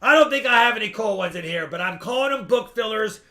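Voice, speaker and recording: A man hosting a live-stream coin auction, explaining each lot at length with quick asides. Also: high voice, lively intonation, pushed and bright. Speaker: coin seller and stream host.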